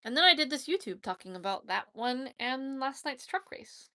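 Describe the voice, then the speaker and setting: A woman's voice: high voice, big pitch swings, normal speed, sharp tone, no room sound. A woman hosting her own channel in a casual livestream chat, chatty and giggly, teasing herself as she talks. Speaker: YouTube channel host.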